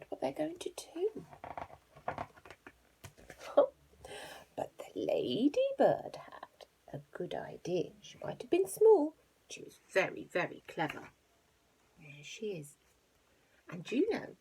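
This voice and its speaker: A woman reads a picture book to young children, her voice gravelly and husky. Her pitch leaps widely as she does the farm animals' noises and then drops to hushed asides. She is a playful, animated teacher. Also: slow pace, long pauses.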